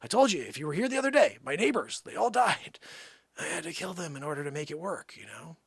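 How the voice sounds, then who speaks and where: A man playing a shouting, boastful time traveler. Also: a little high, big pitch swings, fast talker, vocal fry, husky, no room sound, clean studio sound, full character voice. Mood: manic boasting. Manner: rambling, boastful, shouting outbursts. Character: boastful male time traveler claiming famous past lives.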